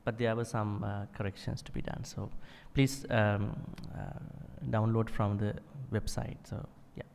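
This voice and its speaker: A man's voice: on the low side, little pitch movement, a little slow, creaky, few pauses, a little mellow, a little hiss or hum. Male monk teaching in a reverberant hall. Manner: explains patiently, fillers, demonstrates chanting. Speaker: Buddhist monk teaching Pali. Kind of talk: classroom teaching.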